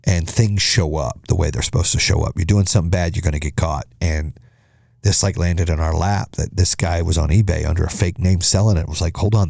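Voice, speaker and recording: A man's voice: deep voice, vocal fry, warm tone, no echo, clean studio sound. A middle-aged man hosting a podcast, giving blunt, profane, punchy motivational advice in a monologue. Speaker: podcast host.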